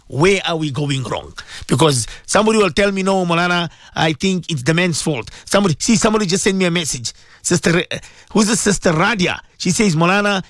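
Impassioned man, high and swooping. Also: a bit bright, dry recording, studio quality. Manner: emotional, repeats rhetorical questions. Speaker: Islamic scholar and radio show host. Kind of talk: impassioned radio talk.

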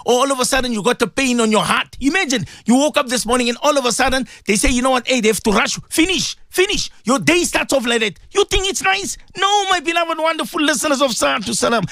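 A man's voice: very high voice, expressive, fast talker, few pauses, sharp tone, no echo, clean studio sound. A man, a radio host and cleric, giving fervent sermon-style morning advice to his listeners, with emphatic repetition and rhetorical questions. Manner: fervent preaching with a repeated refrain to listeners.

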